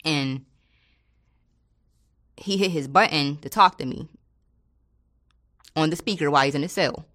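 A woman with a notably low, deep voice speaks in a relaxed, colloquial way. She tells a story from her work as a corrections officer and slips into the voices of the people she quotes. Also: measured pace. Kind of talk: casual storytelling in an interview.

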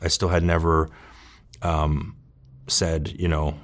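A man openly telling his own recovery story, earnest and halting, with many restarts and "you know.". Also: very deep voice, level tone. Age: adult with children. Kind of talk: candid personal testimony.

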